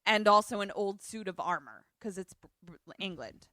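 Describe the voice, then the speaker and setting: In a casual movie recap chat, this podcast co-host speaks at normal speed in a mid-range voice, animatedly acting out the characters' lines while she retells the story. It's clean studio sound, free of echo.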